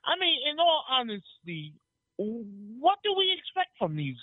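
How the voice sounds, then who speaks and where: A man calling in to a talk radio show, speaking slowly and with strong emphasis. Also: very high voice, huge pitch swings, dry recording. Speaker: caller. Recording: tinny phone line.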